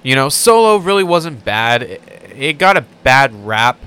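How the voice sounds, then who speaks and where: A young man co-hosting a podcast, telling stories in a profane, laughing, animated way. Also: mid-range voice, measured pace, smooth. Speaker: podcast co-host. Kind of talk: casual podcast banter.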